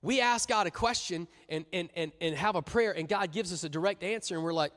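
Joking high-voiced youth pastor preaching. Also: male voice, fairly quick, few pauses. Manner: joking, animated, conversational. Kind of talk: sermon. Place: church hall. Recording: long reverb in a church hall.

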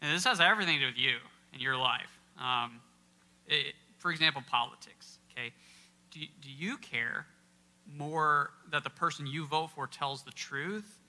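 In a church before a live audience, a male workshop speaker gives an interactive Bible talk, quizzing the listeners and hitting key words conversationally. His pitch is fairly high, his pace normal, and his tone pushed and bright.

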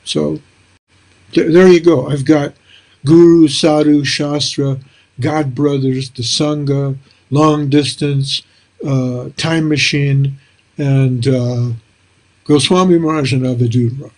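A man's voice: fairly high pitch, fairly even intonation, slow, a little mellow. An older man hosting a casual interview, talking in a reflective, rambling way with many fillers. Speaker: host.

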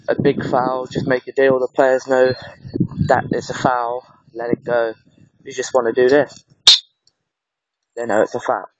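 A man's voice: medium pitch, a little mellow, slight background noise. A man with a northern English accent casually explaining referee whistle techniques in a how-to video. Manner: plain, halting explanations. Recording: dull lo-fi home mic.

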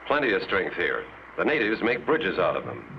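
A brisk adventure hero. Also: male voice, deep voice, sing-song, soft background music. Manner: brisk, commanding. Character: steady adult male adventure hero. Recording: dull lo-fi 1950s TV soundtrack.

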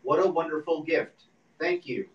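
A reader voicing a language-learning program's computer voice, reading English phrases slowly and evenly at a screenplay reading. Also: medium pitch, close to an everyday voice. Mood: flat. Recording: echoey room, distant mic, dull.

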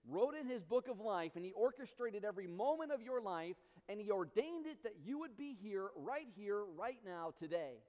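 A man with a high voice preaches a sermon in a church, rising to loud, slowed emphasis and falling to soft, quiet asides. His voice rings with a long reverb from the sanctuary. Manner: impassioned preaching with sudden soft drops and slow emphatic lines. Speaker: pastor.

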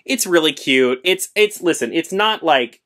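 A man chatting casually about books he read this month, expressive and full of fillers, with lively jumps in pitch when he gets excited. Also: measured pace. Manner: frequent fillers like "like" and restarts. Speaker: book vlogger. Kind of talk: casual book review chat.

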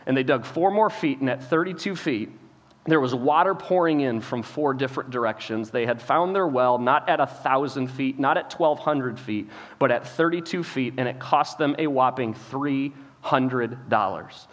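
A man's voice: medium pitch, moderate pace. Man preaching with a long hall echo. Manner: animated retelling, acts out quoted lines, repeats words, says "like" often. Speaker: pastor. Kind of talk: sermon storytelling. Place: church auditorium.

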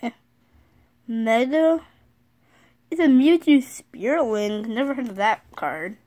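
Slow-talking excitable young vlogger girl. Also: a little high. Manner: excitable, reads names aloud, frequent apologies. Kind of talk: casual card-opening vlog. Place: sitting on her bed at home.

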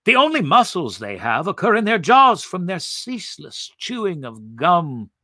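A man voicing a timid, bewildered Martian man who speaks softly and hesitantly. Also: high-pitched, huge pitch swings, normal speed, no echo, clean studio sound, voice pushed up, full character voice. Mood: mournful. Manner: soft, hesitant, polite.

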